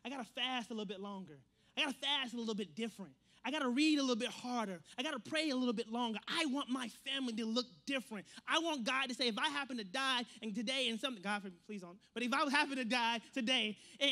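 A man preaching a sermon in an animated way, repeating phrases and acting out quotes. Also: extremely high pitch, fast.

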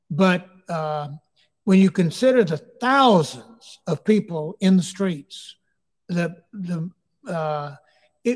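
A middle-aged bishop addresses a church community forum, earnest and anecdotal like a preacher. His voice sits high, and the recording carries the long reverb of a big hall. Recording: long echo of a large hall.

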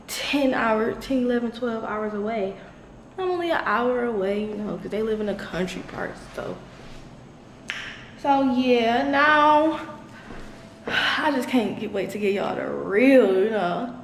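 A chatty, excitable young woman from Detroit giving a casual vlog tour of her new apartment, talking straight to her viewers and swearing freely. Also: on the high side, reverberant, slight background noise. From Detroit, USA. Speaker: vlogger. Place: new, mostly empty apartment indoors.

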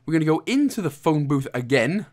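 A man from Wales talks through a video game walkthrough in a loose, casual way. His voice sits a little high and swings up and down with lots of life. He keeps dropping in jokey, self-mocking asides as he rambles along. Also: big pitch swings, brisk, a little mellow.

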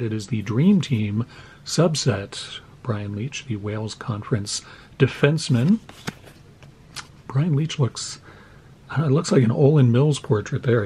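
A man's voice: medium pitch, a little mellow, slight background noise, poor audio. A man hosting a card-collecting channel, opening packs and chatting casually with rambling, self-deprecating asides. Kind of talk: casual pack-opening commentary.

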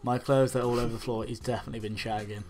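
A man's voice: medium pitch, fairly even intonation, rapid-fire, over a noisy crowd. A young man hosting a casual gameplay video, joking, swearing and reading on-screen text aloud. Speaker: gaming host.

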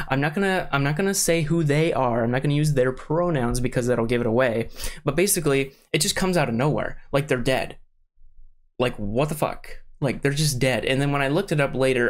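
A young man giving a casual, rambling rant to camera, full of fillers and restarts, getting worked up as he goes. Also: mid-range voice. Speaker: vlogger, show reviewer.

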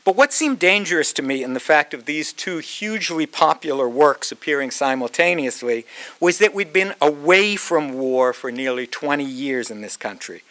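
A man in his sixties from Massachusetts, reading a prepared lecture in a reflective, wry way, with measured pauses. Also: a little high, lively intonation, bright, forceful tone. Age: 60s.

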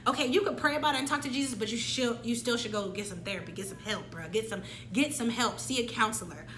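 A woman in her twenties telling a candid personal story in an animated, slangy way, acting out her own past lines. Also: a little high, quick pace, roomy sound, slight background noise. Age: 20s. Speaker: vlogger.

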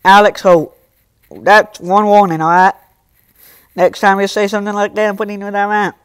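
A man's voice: high-pitched, level tone, normal speed, a bit bright, smooth, no room sound, studio quality. A young man live streaming, reading and answering his chat in casual talk, scolding some viewers and joking with others. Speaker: livestreamer.

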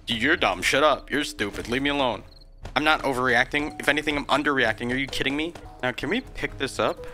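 A man playing a zombie survival game and narrating it, excitable, shouting and squealing when startled, laughing at himself. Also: mid-range voice, a little fast, soft background music. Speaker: gaming YouTuber. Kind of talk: game commentary with recorded narration.

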